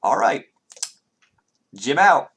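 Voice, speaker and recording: A brash, smug wizard showman, put on by a man, barks in loud, cocky bursts. The voice sits high above the performer's usual register. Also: sing-song, drawn-out words, vocal fry, slight background noise, exaggerated voice.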